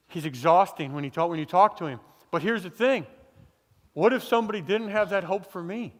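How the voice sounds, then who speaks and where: A man's voice: sits high, fairly bright tone. A man preaching a sermon as pastor, in a casual, folksy, conversational way, with repeated phrases. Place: church sanctuary. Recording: church hall reverb.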